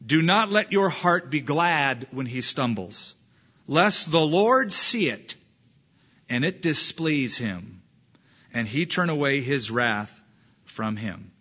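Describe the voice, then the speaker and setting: A man's voice: medium pitch, animated, slow pace, pushed and bright, slightly rough, muffled recording. A man pastor preaching a sermon, reading scripture aloud with emphatic delivery.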